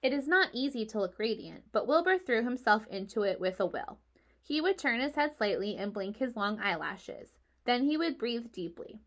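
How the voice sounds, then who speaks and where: A woman reading a children's book aloud in a steady, even storybook manner. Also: on the high side, moderate pace.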